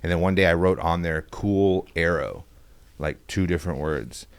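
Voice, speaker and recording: A man's voice: deep voice, a little fast. A man from Texas, a podcast guest telling rambling, profane school stories in casual chat. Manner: rambling, profane storytelling with acted-out quotes. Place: podcast studio.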